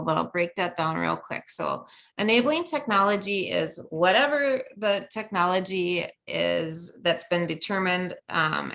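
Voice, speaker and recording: Woman trainer, middle-aged, lowish pitch, casual explaining with fillers. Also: vocal fry, fairly bright tone. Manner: conversational, many fillers and restarts. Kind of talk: training presentation.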